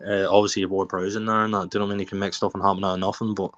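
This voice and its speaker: A man on a fan panel, talking through his football predictions in a measured way. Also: deep voice, little pitch movement, a bit bright. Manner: measured, reasoning things through with fillers. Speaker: panel guest. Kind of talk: casual chat. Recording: dull lo-fi call audio.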